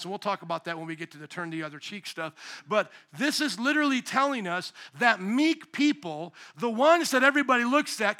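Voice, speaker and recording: Animated high-voiced male preacher. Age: young adult to middle-aged, a parent of young children. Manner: animated preaching, swinging between loud emphatic bursts and quiet low asides. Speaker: pastor. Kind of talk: sermon.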